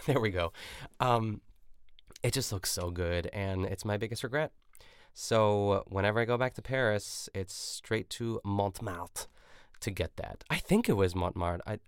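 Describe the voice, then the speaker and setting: A man hosting a podcast, casually recapping a cooking show in a rambling way, full of "like" and quick self-corrections. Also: on the low side, vocal fry, smooth, no echo, clean studio sound. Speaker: podcast host.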